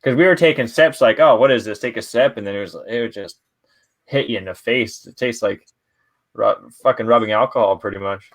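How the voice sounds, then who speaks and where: A man's voice: medium pitch, brisk. A man from Canada hosting a podcast, chatting casually with lots of swearing and laughter. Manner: laid-back, profane, laughs often. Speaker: podcast host. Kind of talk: casual chat.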